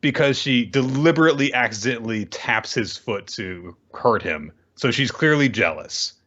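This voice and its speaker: A man's voice: medium pitch, animated, moderate pace, fairly bright tone, dull audio. A man co-hosting a casual manga recap podcast, commenting wryly and laughing often. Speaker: podcast co-host.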